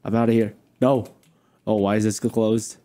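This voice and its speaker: A man's voice: fairly low pitch, flat delivery, moderate pace, mellow. A young man commentating his gameplay in a playful, self-mocking way, exclaiming and laughing as he goes. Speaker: gaming YouTuber. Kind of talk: let's play commentary.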